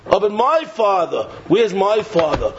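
High-voiced man preaching a sing-song Torah sermon. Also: big pitch swings, unhurried. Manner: sing-song preaching, refrain dropping low and soft. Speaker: rabbi giving a Torah talk. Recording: dull lo-fi recording.

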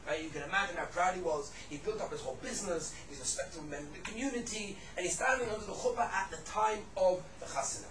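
A man's voice: high voice, quick pace, few pauses, recorded from a distance. A man giving a religious lecture on Jewish law and ethics. He tells stories with animation, repeats his phrases, and mixes Hebrew and Yiddish terms into his speech. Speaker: religious teacher. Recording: echoey room, mic set back, faint background noise.

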